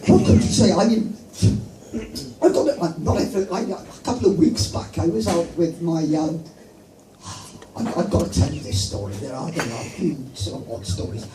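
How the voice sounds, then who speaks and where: A man doing open-mic stand-up, telling stories in a rambling, self-deprecating way full of halting restarts. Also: a little high, animated, noisy background. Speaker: stand-up comedian. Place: open-mic comedy venue. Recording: echoey room, far from mic, loud music.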